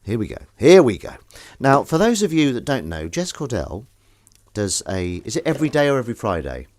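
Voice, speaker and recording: A man's voice: mid-range voice, big pitch swings, fairly quick, darkish tone. A man chatting casually while he does the washing up, rambling, jokey and self-mocking, with the odd swear word. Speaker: host doing the washing up on a live stream.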